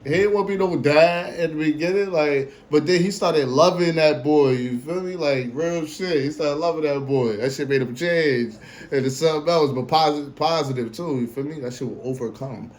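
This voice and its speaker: A man in his late twenties hosting a casual solo podcast, slangy and animated, swinging between a hyped voice and a low drawl. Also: moderate pace. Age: 20s. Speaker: podcast host.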